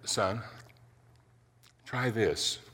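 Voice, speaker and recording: A man doing God's soft, low fatherly voice. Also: expressive, very slow, long reverb tail, heavily acted. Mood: gentle fatherly. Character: gentle fatherly voice of God.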